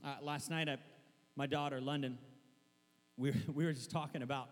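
A young adult man preaching a sermon, telling stories with animated energy, shouting at times and laughing. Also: mid-range voice, normal speed. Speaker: pastor. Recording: long hall reverb with mains hum.

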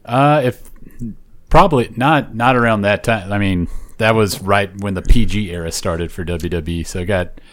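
A man's voice: fairly low pitch, moderate pace, a bit bright. A man co-hosting a casual podcast, hesitant with many fillers and a dry sense of humor. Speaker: podcast co-host.

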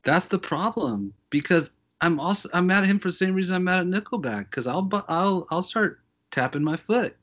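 A man with a fairly high, very lively voice makes sarcastic, emphatic points in a casual podcast chat. The sound is dull and lo-fi. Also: a little fast, hardly any pauses. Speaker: school teacher and musician, podcast guest.

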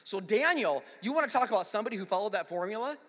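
A middle-aged male pastor preaching a sermon in a conversational, storytelling way that swells into forceful emphasis. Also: high voice, expressive, rapid-fire. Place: large church. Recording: long hall reverb.

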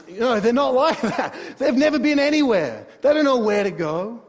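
Male preacher, high-pitched and animated, sermon in a reverberant hall. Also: moderate pace, hardly any pauses. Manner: animated, swings between soft asides and emphatic bursts. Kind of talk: sermon, Bible exposition.

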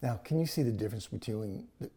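A man's voice: mid-range voice, expressive, fast, mellow. A man preaching a sermon, retelling a scripture story in a conversational way with paraphrased dialogue.

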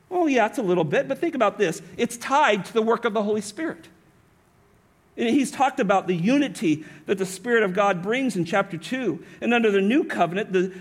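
A male pastor preaching a sermon, emphatic, often asking his listeners rhetorical questions. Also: high voice.

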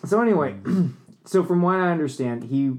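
A man's voice: fairly high pitch, animated, normal speed, darkish tone. A man in a casual chat, rambling and hesitant, with many fillers and restarts.

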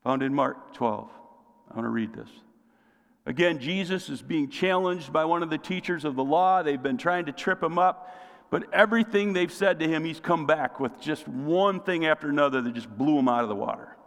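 A male pastor preaches to his congregation in a slightly high, gravelly voice, tossing out questions and calling for them to answer back. His words ring out with the long reverb of a large church sanctuary. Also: moderate pace, fairly bright tone. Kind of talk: sermon.

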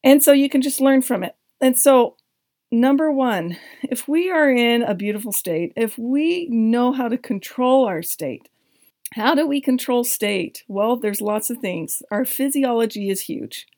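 A woman hosting a podcast, telling a personal story and giving self-help advice in a candid, expressive way. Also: a little high, measured pace, no room sound, studio quality. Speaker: podcast host.

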